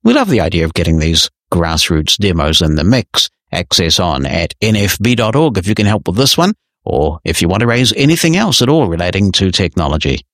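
Male podcast host, low voice, dry booth sound, steady explainer answering listener mail. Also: fairly quick, no echo. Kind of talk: casual talk.

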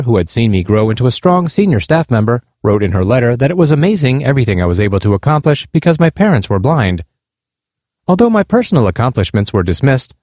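A man narrating a nonfiction account in a measured, earnest reading. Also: medium pitch, darkish tone, no room sound, studio quality.

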